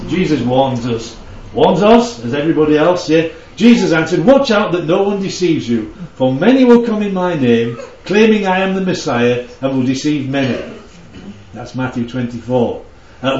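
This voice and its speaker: In a church hall, a man delivers a conversational Bible teaching, frequently checking in with his listeners. His voice is on the high side and darkish, with lively intonation and a moderate pace. The recording comes from far off in a dull, echoey hall, with a little hiss or hum.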